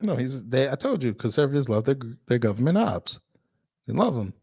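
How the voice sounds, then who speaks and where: A man at an ordinary middle pitch, talking through a casual commentary chat. He is blunt and mocking, uses a lot of slang and some swearing, and keeps turning to address the audience directly. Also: big pitch swings, brisk, gravelly, a little mellow, slightly rough. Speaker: host.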